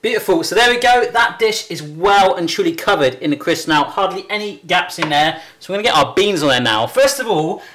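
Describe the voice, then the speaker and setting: A man's voice: high-pitched, lively intonation, a little fast, few pauses, a bit bright, a little hiss or hum. An English man hosting a casual cooking vlog from a home kitchen, chatty, jokey and upbeat. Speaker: cooking show host.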